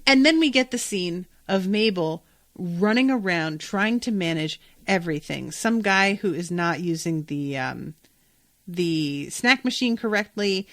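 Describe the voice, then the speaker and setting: A woman hosting a podcast, recapping a show in a relaxed, unhurried way. She swears often and slips into the characters' lines as she goes. The sound is close and dry, with no room echo. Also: mid-range voice. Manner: chatty, swears freely, acts out quotes. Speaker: podcast host. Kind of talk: casual episode recap.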